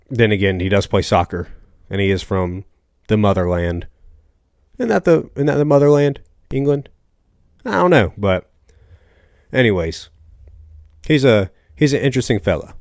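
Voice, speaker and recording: A young Southern American man hosts a casual solo podcast in a lowish voice, rambling and joking through stories packed with asides. The studio sound is clean with no echo.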